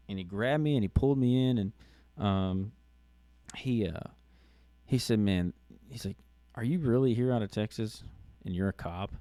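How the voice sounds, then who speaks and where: A middle-aged man with a low, gravelly, mellow voice recounts a personal story on his podcast. He talks in a halting, casual way, restarting phrases and filling pauses. The sound is close and dry. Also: dry recording. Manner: halting, many restarts and fillers. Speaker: podcast host.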